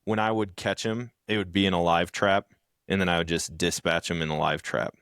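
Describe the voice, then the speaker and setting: A man with a low voice chats casually as a podcast co-host, spinning stories and acting out the people in them. His voice is recorded close and dry, with no room sound. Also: fairly quick, clear, resonant tone, dry recording. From rural background. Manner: storytelling, animated when acting out others. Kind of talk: casual chat.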